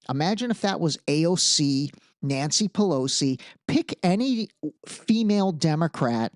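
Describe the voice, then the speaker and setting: A man hosting a podcast, giving casual solo commentary in an animated, emphatic way with frequent asides. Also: a little high, dry recording, clean studio sound. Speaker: podcast host.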